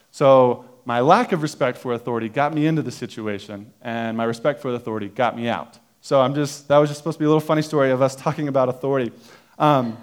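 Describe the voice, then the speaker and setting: Young male preacher telling a casual story. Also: mid-range voice. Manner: casual, self-deprecating storytelling with many fillers. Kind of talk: sermon with personal story.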